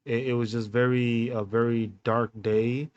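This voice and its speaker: A man hosting a podcast, telling a personal story in a candid, halting way with many fillers and restarts. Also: mid-range voice, level tone, darkish tone, no echo, dull audio. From United States. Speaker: podcast host.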